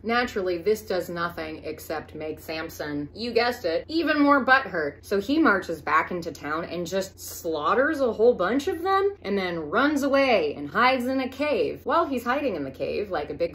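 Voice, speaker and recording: A woman's voice: lowish voice, big pitch swings, normal speed, hardly any pauses, a bit bright. A woman retelling an old story as campy comedy, with profane, incredulous asides.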